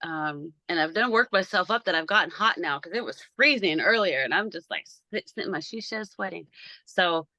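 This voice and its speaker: A woman's voice: on the low side, fairly quick, dry recording. A woman hosting a casual video-call conversation from a small backyard shed, telling stories animatedly and acting out the voices in them. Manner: animated storyteller, acts out quoted voices. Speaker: podcast host.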